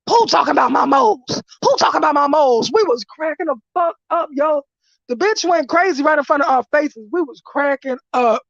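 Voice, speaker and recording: High-voiced woman ranting animatedly. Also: dry recording. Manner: animated, profane, laughing through retelling. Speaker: vlogger. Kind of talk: casual storytelling rant. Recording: dull lo-fi dry sound.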